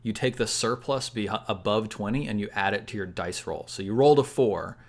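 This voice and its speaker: A man's voice: lowish voice, a little fast. A young man acting as game master, narrating a tabletop game casually and explaining the rules step by step.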